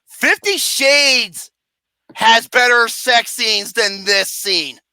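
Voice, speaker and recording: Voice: medium pitch, extremely slow, sharp tone, no echo. A film reviewer ranting profanely and acting out scenes with mock wails and singing.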